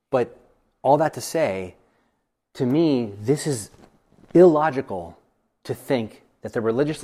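Middle-aged male pastor, mid-range voice, lively informal teaching in a church, self-deprecating, slips into acted voices. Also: medium pitch. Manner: animated, self-deprecating, acts out quoted voices. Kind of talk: informal Bible study teaching.

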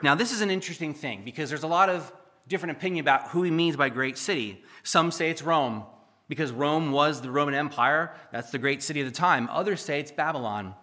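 A man's voice: on the high side, animated, brisk, bright, forceful tone. A male pastor preaching a sermon in church, reading scripture aloud with emphasis and explaining it.

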